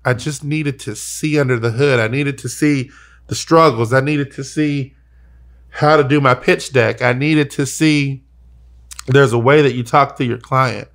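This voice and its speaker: A young adult man hosts a podcast in an emotional personal conversation, his medium-pitched voice steady and his pace measured. He speaks earnestly and with feeling, often repeating words as he searches for them when moved.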